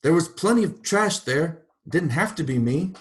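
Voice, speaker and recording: A self-righteous farm wife, as a male lecturer puts her on, her voice pitched well up and pushed loud. She rails and hollers toward the sky with wounded pride. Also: unhurried. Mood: indignant. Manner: railing, shouting at the sky. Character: indignant self-righteous middle-aged farm woman.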